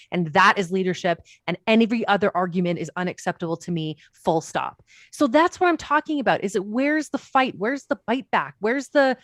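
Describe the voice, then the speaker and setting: A woman's voice: medium pitch, lively intonation, brisk, hardly any pauses, a bit bright, no echo, clean studio sound. A woman, speaking as a political commentator on a panel in an impassioned, emphatic way full of rhetorical questions. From Canada. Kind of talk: panel discussion.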